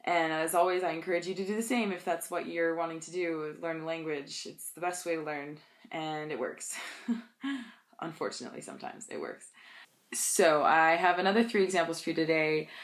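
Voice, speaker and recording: A woman's voice: low voice, fairly quick, few pauses. Chatty young woman telling funny stories. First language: English. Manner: chatty, laughs often, animated storytelling. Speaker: vlogger. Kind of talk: casual storytelling vlog.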